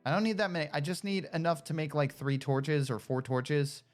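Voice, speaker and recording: A woman giving casual gameplay commentary, excitable, talking to herself and coaxing a pet along. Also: low voice, moderate pace, faint music behind. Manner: animated, talks to herself and coaxes a pet pig; excitable shouts and cheers. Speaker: gaming streamer.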